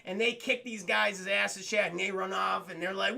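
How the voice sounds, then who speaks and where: A man streaming a casual recap of an old cartoon, animated and profane, laughing often and addressing his chat. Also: sits high, a little fast, gravelly, hardly any pauses.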